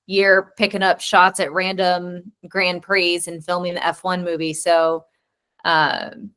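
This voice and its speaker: A woman's voice: on the low side, a bit bright. A woman co-hosting a podcast in casual chat, enthusiastically listing things one after another. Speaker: podcast co-host.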